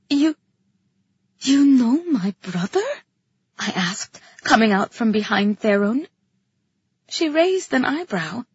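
A woman's voice: fairly high pitch, slightly rough, dry recording, muffled recording. A woman narrating a first-person fantasy story expressively, as in an audiobook.

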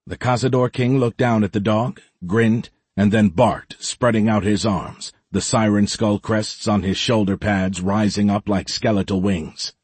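Low, husky male audiobook narrator. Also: darkish tone, no echo. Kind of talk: scripted narration.

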